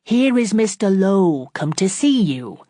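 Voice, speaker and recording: A woman voicing a stern, brisk mistress of the house in an audiobook, speaking loudly, distinctly and impatiently. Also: fairly low pitch, expressive, no room sound, studio quality.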